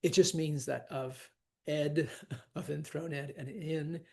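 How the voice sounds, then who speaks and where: A man teaching a lesson on verse scansion, talking casually, often checking in with "right?" and reading lines aloud slowly. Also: fairly high pitch, steady tone, vocal fry.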